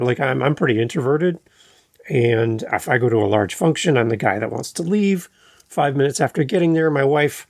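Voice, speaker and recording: A man hosting a podcast, talking in a relaxed, unhurried, conversational way. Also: mid-range voice, creaky, no echo, clean studio sound. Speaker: podcast host. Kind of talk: casual chat. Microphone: podcast microphone.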